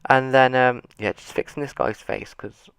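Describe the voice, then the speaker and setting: A man talks casually through a game while sitting at his computer. He rambles and drifts into dry, self-mocking sarcasm. His voice comes across smooth and clear, recorded close and dry with no room sound. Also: medium pitch, steady tone, normal speed, fairly bright tone, no room sound. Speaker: gaming YouTuber. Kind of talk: casual gameplay commentary. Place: seated at a computer.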